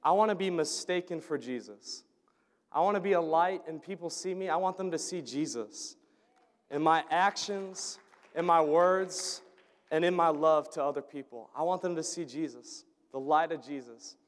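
A man's voice: on the high side, normal speed. A man giving an earnest storytelling testimony about a mission trip, often restarting and repeating his words. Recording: long reverb of a large hall.

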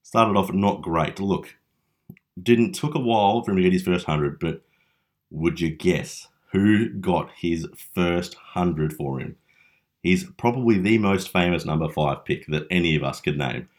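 A man's voice: sits low, measured pace. A young Australian man hosting a casual fantasy league recap, chatty and teasing with mock-dramatic flair. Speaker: fantasy league podcast host.

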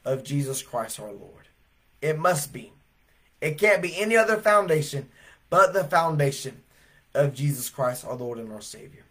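A man preaching a revival sermon as an evangelist, telling stories animatedly and swelling to shouts. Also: fairly high pitch.

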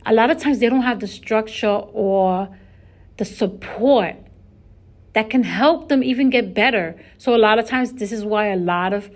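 A woman's voice: on the high side, normal speed. Chatty woman hosting a solo podcast. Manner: chatty and earnest, with frequent restarts and repeated words. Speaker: podcast host. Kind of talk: casual solo podcast monologue.

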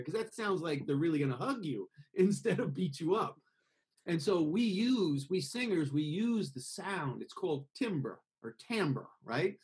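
American guy explaining singing tone, acts out little voices, slightly high voice. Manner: expressive, acts out voices to make points. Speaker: singing teacher being interviewed. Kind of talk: conversational interview over a call.

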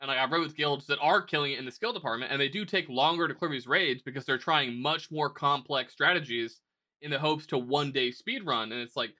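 A young man co-hosting a podcast, telling animated stories in a casual, profane way. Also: mid-range voice, fairly quick. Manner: animated storytelling, lots of swearing. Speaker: podcast co-host. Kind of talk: casual chat.

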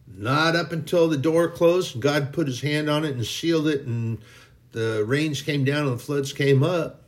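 A man's voice: on the high side, measured pace. A man preaching an informal sermon in a folksy, emphatic way, now and then mocking people in a put-on voice.

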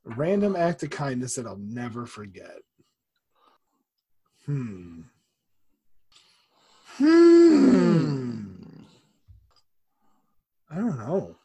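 A man's voice: mid-range voice, wildly swooping pitch, extremely slow, long pauses, mellow, breathy edge. A young man in casual chat, a rambling storyteller who swears freely and laughs often.

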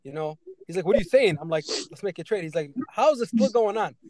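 A man co-hosting a casual podcast chat, excitable and quick to chime in. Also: high voice, no echo. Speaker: podcast co-host.

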